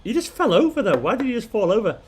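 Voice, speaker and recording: High-pitched, very animated, and slightly rough, this man talks fast as host of a football fan channel. During his casual live watchalong, he rambles, chuckles, and keeps restarting his sentences.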